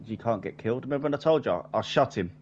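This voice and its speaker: A man's voice: medium pitch, animated, very fast, dull audio, a little hiss or hum. A man chatting casually and joking while playing a survival game with a friend. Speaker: gamer. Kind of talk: casual gaming chat.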